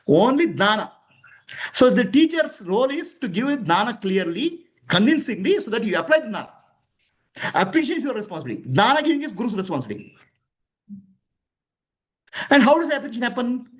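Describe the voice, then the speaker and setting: A man's voice: very high-pitched, very animated, fairly quick, long pauses. A man giving a spiritual discourse to students, emphatic and questioning, chuckling often. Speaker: spiritual teacher.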